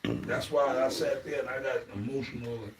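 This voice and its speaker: A man's voice: medium pitch, fairly even intonation, brisk. A man leading an informal spiritual group talk, rambling and emotional, often ending phrases with "man.". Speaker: elder in a religious group discussion. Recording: echoey room, distant mic, faint noise.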